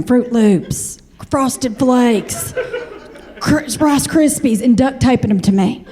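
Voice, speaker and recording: Kentucky woman in her forties, chatty stand-up storyteller, high voice. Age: 40s. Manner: chatty, animated, addresses the audience directly. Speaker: comedian.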